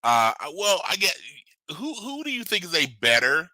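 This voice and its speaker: A middle-aged man co-hosting a podcast in casual chat, jokey and riffing with quick asides. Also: sits high, wildly swooping pitch, sharp tone, no echo, rough recording. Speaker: podcast co-host.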